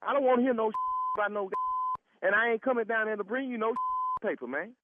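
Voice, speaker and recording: Over a tinny phone line thick with background noise, a man targeted by a prank call keeps laughing in exasperated disbelief. His voice is high-pitched and brisk.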